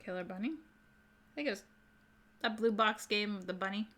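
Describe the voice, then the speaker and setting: A woman's voice: mid-range voice, moderate pace, fairly bright tone. A woman hosting a board game channel, chatting casually and rambling a little as she shows new games and answers viewers' chat.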